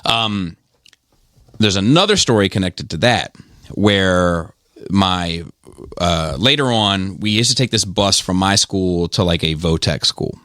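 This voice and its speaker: A middle-aged man from Maryland, hosting a podcast and telling a profane, animated story with quoted voices. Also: low-pitched, a little slow, dry recording, clean studio sound. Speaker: podcast host. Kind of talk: casual storytelling.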